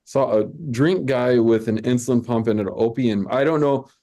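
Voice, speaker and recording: Over a video call microphone, a man with a mid-range, dark-toned voice hosts an online comedy show. His live-stream chatter is casual and rambling, peppered with stammering restarts and fast asides.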